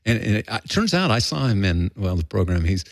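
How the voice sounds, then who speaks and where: A man's voice: on the low side, sing-song, brisk, no room sound. An older man telling rambling anecdotes in a casual podcast chat, acting out the quotes. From Southern California. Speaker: podcast guest storyteller.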